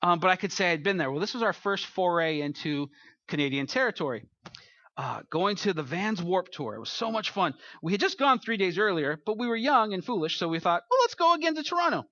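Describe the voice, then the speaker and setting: A man's voice: high-pitched, lively intonation, fairly quick, bright, forceful tone, no room sound, highs cut off. A man preaching a sermon, telling funny road-trip stories in a chatty, joking way before turning to scripture. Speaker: pastor.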